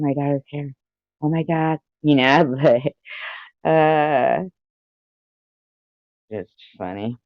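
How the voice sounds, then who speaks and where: A middle-aged woman hosts a livestream, reading her chat aloud in an unhurried, drawn-out way. She laughs often and swears freely. The sound is dull and lo-fi, with no room echo. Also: a bass voice. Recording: dull lo-fi home stream audio.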